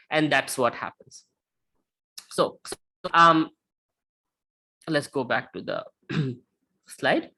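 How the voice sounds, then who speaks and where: A man giving a lecture with slides, talking conversationally and often checking in with a quick "right?". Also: on the high side, pushed and bright. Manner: tells illustrative stories.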